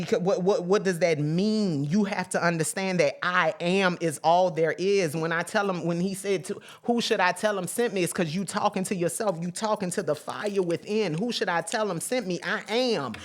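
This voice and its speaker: A woman giving an informal spiritual teaching, emphatic and preachy, swearing freely in slangy talk and repeating phrases for emphasis. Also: lowish voice.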